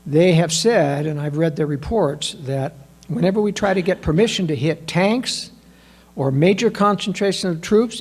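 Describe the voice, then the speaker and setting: High-voiced man asking pointed rhetorical questions. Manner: emphatic, fires off rhetorical questions; addresses listeners as ladies and gentlemen. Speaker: political commentator. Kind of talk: year-end political analysis talk.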